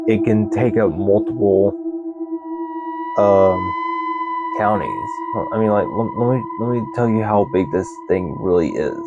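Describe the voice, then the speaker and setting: A young man hosting his own channel, telling a story casually and reading aloud in a halting way with many restarts. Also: fairly low pitch, muffled recording. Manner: halting, stumbles and restarts, repeats "that's insane". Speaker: channel host. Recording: loud music bed under voice.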